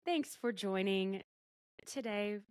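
A woman's voice: medium pitch, slow pace, darkish tone, no room sound, clean studio sound. Chatty woman host with a slight cold. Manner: chatty, laughing often. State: under the weather, sore throat. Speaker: podcast host. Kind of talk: casual chat.

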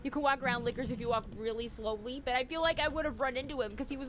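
A woman streamer with a very high, lively voice gives running commentary on a horror game. She yelps and shrieks at every scare and talks straight to her chat between frights. Her tone is bright and sharp, with a faint hiss in the background. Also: rapid-fire, few pauses, soft background music. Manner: jumpy, shrieking, chatty with viewers. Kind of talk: live gameplay commentary.

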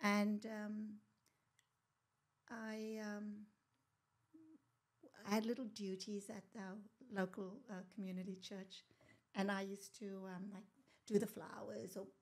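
A woman, telling her own story as a podcast guest, animated and rambling, laughing often and dropping into whispers. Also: medium pitch, takes it slowly, pauses often. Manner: animated, laughs often, drops to a whisper for asides and remembered thoughts; rambling, with many fillers and restarts. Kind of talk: casual storytelling in a conversation.

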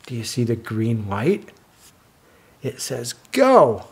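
An older man with a mid-range, slightly rough voice reads a children's picture book aloud slowly and with liveliness. He pauses now and then to ask his young listeners questions.

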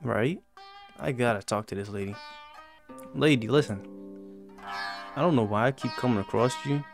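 A man hosting a gaming channel, giving casual commentary on a horror game and yelping high when he gets scared. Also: moderate pace, gravelly, faint music behind. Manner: talks to game characters jokingly.

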